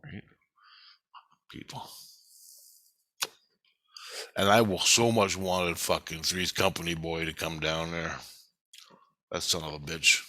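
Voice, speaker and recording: A man's voice: low-pitched, fairly even intonation, slow pace, pauses often, bright, forceful tone, no room sound. A man talking in a rambling, profane monologue about a dream he had.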